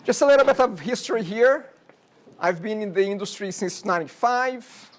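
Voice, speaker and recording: A man's voice: sits high, lively intonation, normal speed. A man in his forties from Brazil with a Brazilian Portuguese accent, giving a chatty classroom lecture as a college instructor and often checking in with "okay?".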